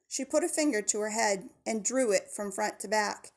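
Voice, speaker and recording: A woman narrating a children's novel in a steady, measured storytelling voice. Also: fairly high pitch. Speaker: audiobook narrator.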